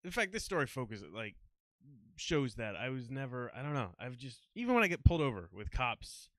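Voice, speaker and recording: A man's voice: medium pitch, a little fast, no room sound. A young man from New Jersey, a podcast guest, telling a funny story in casual chat and acting out the quotes. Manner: animated storyteller who acts out quotes and laughs often.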